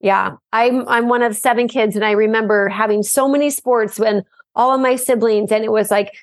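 A mom and program co-founder talking as a guest in a casual interview, loud and energetic by nature, telling stories in an animated way. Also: female voice, fairly high pitch, moderate pace, dry recording, studio quality.

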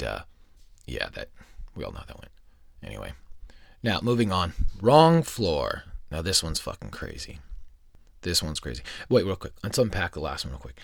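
A man with a very low voice hosts a podcast and tells strange stories in a loose, rambling way. He swears constantly and cuts himself off mid-sentence. The sound is dry and close, with no room around it. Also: vocal fry, sharp tone, no echo. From United States. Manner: profane, rambling, self-interrupting. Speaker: podcast host. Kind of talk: casual podcast storytelling.

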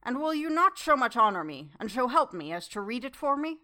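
A woman voicing an old male foreign professor in an audiobook, earnest and effusive, speaking in slow, broken formal English. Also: sits high, big pitch swings, sharp tone, voice pushed up, full character voice. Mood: admiring. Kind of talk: audiobook character reading.

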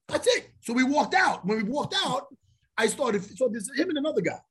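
A man's voice: very high voice, sing-song, moderate pace, fairly bright tone, slightly rough. A man telling a story on a podcast in a loose, profane way, acting out every exchange. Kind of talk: casual storytelling.

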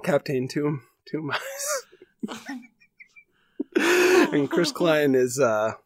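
A man's voice: a little high, wildly swooping pitch, drawn-out words, crowd noise. A man co-hosting a podcast, telling an improvised comedy story in a rambling, laughing way. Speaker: podcast co-host.

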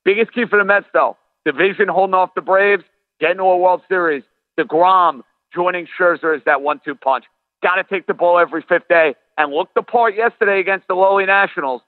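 A man's voice: high voice, a little fast, no echo. Man on a tinny phone line. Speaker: guest analyst. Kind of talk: casual sports talk.

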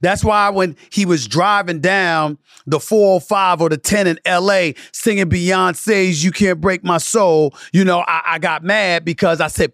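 A man hosting a sports talk podcast, delivering an emphatic commentary monologue that climbs into passionate lists and drops into low, muttered asides. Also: moderate pace, few pauses, fairly bright tone, dry recording, clean studio sound. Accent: New York. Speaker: podcast host.

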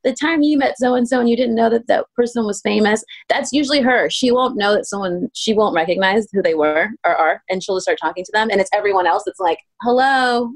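A woman in her thirties, a pastry chef guest telling stories in a casual interview, acting out quoted voices with sudden pitch jumps. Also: fast talker, hardly any pauses. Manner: animated, acts out quotes with lively pitch jumps. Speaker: guest, pastry chef turned ice cream maker.

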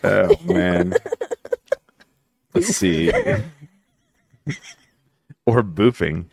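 A man's voice: low-pitched, huge pitch swings, drawn-out words, gravelly, dry recording, studio quality. A man co-hosting a comedy podcast, reading articles aloud and cracking jokes in casual chat. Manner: reads out articles with wisecracks. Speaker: podcast co-host.

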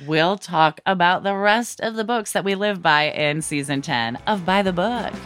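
Low-pitched bright clear chatty woman. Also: normal speed, soft background music. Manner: chatty, laughs often, many fillers. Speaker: podcast co-host. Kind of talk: casual chat.

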